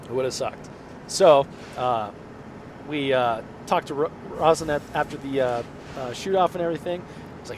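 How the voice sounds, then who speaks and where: Man, podcast co-host, casual rambling chat, mid pitch, inside a moving truck, clear road noise. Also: normal speed. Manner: chatty storyteller, loose with fillers. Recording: noisy car interior.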